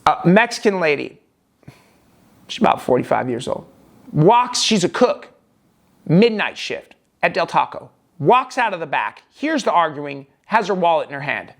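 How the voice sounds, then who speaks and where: A man's voice: a little high, sing-song, moderate pace, gravelly. A man telling a personal story in a vlog, rambling and emphatic with frequent restarts. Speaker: vlogger.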